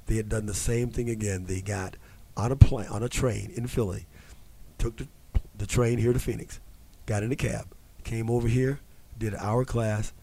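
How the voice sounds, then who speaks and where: A man's voice: lowish voice, steady tone, moderate pace, mellow. Rambling man hosting a talk show. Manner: rambling, many restarts and fillers, chuckles. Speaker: host of a fitness talk show. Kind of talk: casual storytelling talk. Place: studio.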